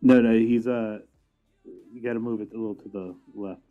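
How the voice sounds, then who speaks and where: A man's voice: lowish voice, fairly even intonation, normal speed, phone-quality sound, soft background music. A man co-hosting a casual wrestling podcast, joking around, laughing often and swearing casually over a remote call. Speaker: podcast co-host.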